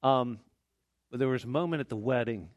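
A man's voice: medium pitch, a little fast, dry recording, lo-fi sound. A man preaching a sermon as pastor in a church, folksy and conversational with small jokes. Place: church sanctuary.

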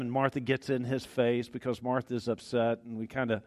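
Folksy pastor preaching. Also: male voice, medium pitch, steady tone, normal speed, hardly any pauses, no room sound. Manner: folksy, conversational, joking. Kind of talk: sermon. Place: church sanctuary.

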